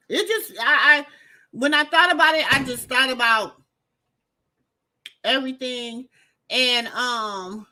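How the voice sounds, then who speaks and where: A woman talks to her livestream audience in a high, bright voice. She takes her time and drives points home by repeating them. Her tone is emphatic and direct. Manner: emphatic, repetitive, addresses viewers as y'all. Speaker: commentary host. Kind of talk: casual livestream commentary. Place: home during a storm.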